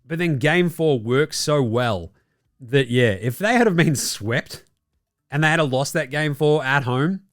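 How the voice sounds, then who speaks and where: Expressive and a little slow, this Australian man's mid-range voice sounds dry and clean in the studio. On his basketball podcast, he rants with profanity, offers blunt opinions, and mimics others in mocking tones.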